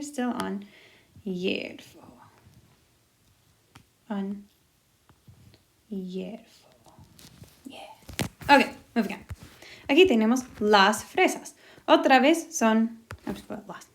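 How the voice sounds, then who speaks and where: A woman teacher walking through a recorded lesson step by step, upbeat and encouraging. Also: fairly high pitch.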